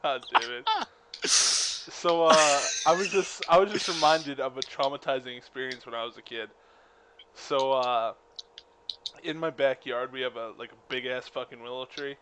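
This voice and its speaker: A man's voice: medium pitch, normal speed, noisy background. A young man telling a childhood story in casual chat, laid-back, swearing and laughing.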